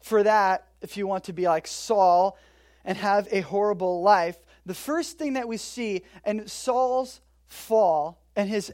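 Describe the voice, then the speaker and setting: Casting: relaxed preacher, mid-range voice, jokey storytelling sermon with big loud-to-soft swings. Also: mid-range voice. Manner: casual, joking storytelling with sudden swings between loud and quiet. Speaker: pastor. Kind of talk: conversational sermon.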